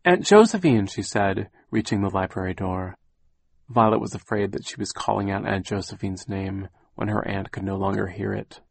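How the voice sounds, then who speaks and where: A man reading a children's novel aloud as narrator, with measured, gently dramatic storytelling. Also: low voice, level tone, creaky. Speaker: audiobook narrator. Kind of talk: scripted narration.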